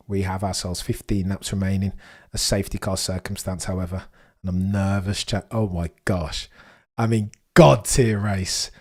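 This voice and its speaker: A young man hosting a live race watchalong, chatting excitedly to his viewers and firing off rhetorical questions. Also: lowish voice. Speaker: livestream watchalong host.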